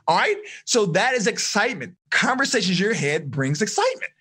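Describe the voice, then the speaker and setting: A man coaching teenagers on a video call, energetic and encouraging, quizzing his listeners as he teaches. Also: sits high, a little fast, hardly any pauses, husky. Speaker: life coach. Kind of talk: live online seminar for teens.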